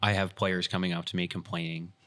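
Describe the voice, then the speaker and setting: A man hosts a casual podcast and retells a story with energy, acting out what each person in it said. His voice sits low, but the tone is bright and forward. He talks like someone chatting with friends. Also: fairly quick. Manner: animated retelling, acts out quoted dialogue. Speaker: podcast host and airsoft field staff.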